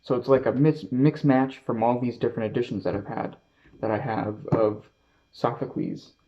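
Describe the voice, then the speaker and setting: A man with a Canadian accent talking casually about his books, halting often with fillers and restarts. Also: medium pitch, dull audio. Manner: halting, many fillers and self-corrections. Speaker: book vlogger. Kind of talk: casual book haul talk.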